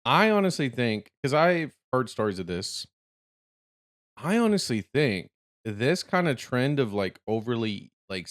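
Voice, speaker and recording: A man hosting a reaction video, rambling through his thoughts with lots of restarts and easy laughter. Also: mid-range voice. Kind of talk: casual reaction commentary.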